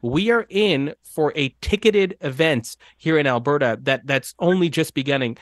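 Man commenting with sarcastic bite, highish voice, dry studio sound, radio panel pundit. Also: normal speed, no echo. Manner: sardonic, wry. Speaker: political commentator.

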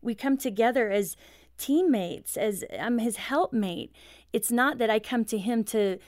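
A woman's voice: a little high, unhurried, darkish tone, dry recording, studio quality. A middle-aged woman, a guest author, talking earnestly about faith and marriage, with frequent "you know" fillers. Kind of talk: earnest faith-based interview talk.

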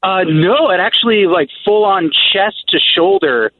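Higher-voiced male caller on phone line. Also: no room sound. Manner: casual, halting. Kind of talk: telling a story on the phone.

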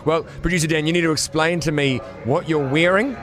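A man's voice: on the high side, a little fast, over music. A man with a New Zealand accent co-hosting afternoon radio, chatting playfully while setting up a prank call. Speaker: radio host. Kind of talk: casual radio chat.

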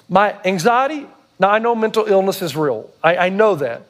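A man's voice: sits high, animated, moderate pace, background noise. A male pastor delivering an impassioned sermon, often putting rhetorical questions to his listeners.

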